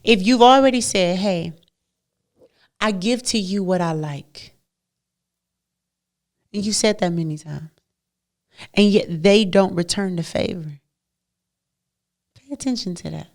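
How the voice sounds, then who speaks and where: A woman hosting a podcast, talking straight to her listeners in a casual motivational monologue, animated and playful, often laughing and swinging between loud and hushed. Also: on the low side. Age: adult mother. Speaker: podcast host.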